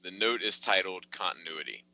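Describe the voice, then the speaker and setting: Bright-voiced man reading podcast news. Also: low voice, animated, normal speed, no room sound, rough recording. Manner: reads news notes aloud, adds offhand asides. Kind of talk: casual podcast chat.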